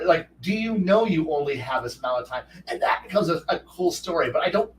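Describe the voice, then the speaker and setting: A man hosting a casual talk show, rambling and cursing freely as he muses about tabletop games. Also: fairly high pitch. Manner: profane, rambling, animated with restarts. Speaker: host. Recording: roomy echo, distant from mic, faint noise.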